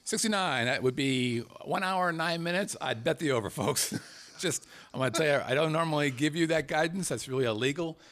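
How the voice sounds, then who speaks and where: A man hosting a casual comedic podcast, joking with his co-host and laughing often. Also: fairly quick. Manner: joking, laughs often, lively swings in pitch. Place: Las Vegas.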